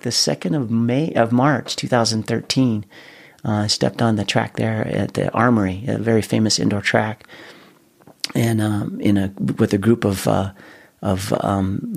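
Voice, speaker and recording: A middle-aged man telling his story in a casual interview, animated, often restarting and repeating his words. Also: fairly low pitch, gravelly, slightly rough. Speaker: guest.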